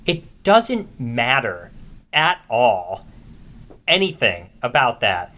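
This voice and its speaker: A man co-hosting a casual podcast chat, animated and profane, explaining his views at length. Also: fairly high pitch. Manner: animated, profane, quotes movie lines with big shouts. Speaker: podcast co-host.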